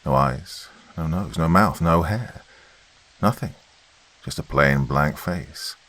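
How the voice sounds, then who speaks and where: A man narrating a horror story in a measured, deliberate way. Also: a bass voice, a bit bright.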